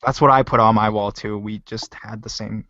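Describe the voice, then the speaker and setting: A man's voice: lowish voice, fairly even intonation, moderate pace, pushed and bright, muffled recording, a little hiss or hum. A man hosting a live stream group chat, bossing people around with crude jokes. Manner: crude, bossy joking. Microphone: online voice call.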